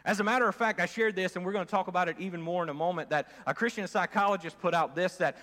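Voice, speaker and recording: A man's voice: sits high, fast talker, pushed and bright. A male pastor preaching a sermon in a conversational way, calling on the congregation to respond. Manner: conversational, calls for audience response. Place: church sanctuary. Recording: long church hall reverb.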